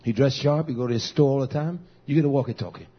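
A man preaching as pastor, telling stories and quoting himself in an animated way. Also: medium pitch, fast, husky, dull audio. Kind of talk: sermon.

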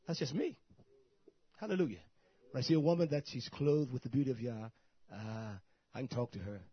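A husky-voiced man preaching in a fiery sermon style, swinging between quiet, almost whispered asides and loud climbing shouts. The recording is dull and lo-fi, with a dry, close sound. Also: medium pitch, a little fast, no room sound. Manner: preaching in bursts, rising to loud shouts and dropping to soft asides.

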